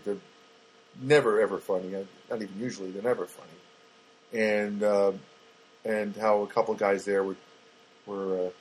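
A man's voice: medium pitch, slightly rough. A man hosting a podcast, a comedian rambling through everyday grievances with a wry, self-mocking manner. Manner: rambling, self-deprecating, many fillers and restarts. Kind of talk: rambling comic monologue.

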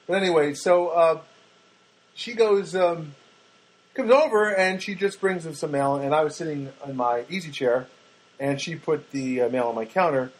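A man's voice: on the high side, moderate pace, rough recording. A man talking to camera in a casual, rambling monologue, full of restarts and wry asides. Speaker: vlogger.

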